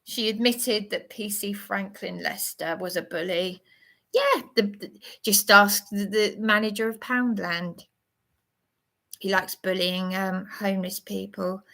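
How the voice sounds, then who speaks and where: Agitated middle-aged woman from England on a livestream, slow and rambling with many restarts. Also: medium pitch, gravelly, pushed and bright. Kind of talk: emotional livestream monologue.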